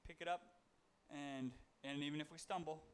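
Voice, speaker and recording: A man's voice: a little high, fairly even intonation, moderate pace, slight background noise. A man giving a casual, conversational sermon, reading Bible verses and talking them through with fillers and self-corrections. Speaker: preacher.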